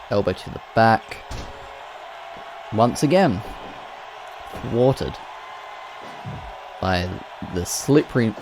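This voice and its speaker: A man giving play-by-play commentary on wrestling matches, excitable and breaking into loud exclamations. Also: fairly low pitch, noisy background.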